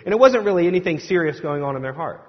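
A man's voice: on the high side, animated, quick pace. Male pastor preaching in a reverberant hall. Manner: conversational, joking, acts out crowd voices. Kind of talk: sermon. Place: church sanctuary. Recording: dull sound with long hall reverb.

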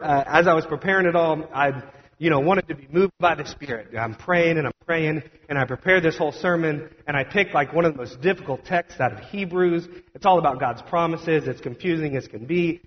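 A young adult man preaching a storytelling sermon as a pastor, conversational and animated, with plenty of fillers. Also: on the high side, a little fast. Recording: dull sound with long hall reverb.

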